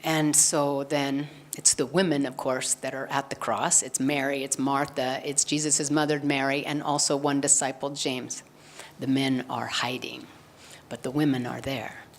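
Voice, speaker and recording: A woman's voice: very deep voice, flat delivery, measured pace. A woman giving a spiritual satsang talk, earnestly retelling a gospel story and acting out the quoted lines. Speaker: satsang speaker.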